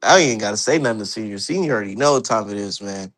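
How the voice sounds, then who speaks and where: A man's voice: fairly low pitch, lively intonation, fast talker, fairly bright tone. Profane laughing man on a livestream. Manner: loose, profane, laughs at his own jokes. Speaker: boxing livestream host. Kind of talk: casual live-stream commentary.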